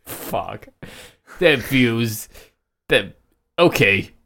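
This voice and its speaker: A man's voice: medium pitch, animated, very slow, creaky, bright, forceful tone, a little hiss or hum. A man playing a tabletop game, cursing freely and mixing his character's lines with casual chat. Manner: swears a lot, mixes in-character lines with chat. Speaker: player. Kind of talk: casual tabletop role-play.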